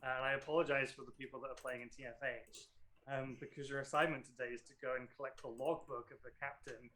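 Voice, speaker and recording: A man narrates a tabletop game as its game master, his voice bright and forward. He talks in fits and starts, filling gaps with ums and correcting himself as he goes. A faint hiss sits under the recording. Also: medium pitch, fairly even intonation, fast talker, poor audio. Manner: hesitant, full of ums and self-corrections.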